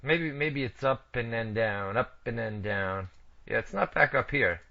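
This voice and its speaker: A man hosts an online wrestling radio show in casual, joking banter. His voice has a gravelly edge and a bright, forward tone. The sound is dull and lo-fi, like a streamed radio feed. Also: medium pitch, expressive, unhurried. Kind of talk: casual chat.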